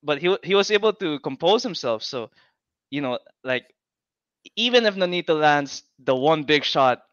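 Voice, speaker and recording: A man with a slightly raised, smooth and resonant voice talks boxing casually, pausing and restarting often. His audio is dry and dull, with a lo-fi video-call sound. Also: fairly high pitch, no room sound. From Philippines. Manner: relaxed, halting, lots of fillers and restarts. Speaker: guest boxing commentator. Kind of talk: casual chat.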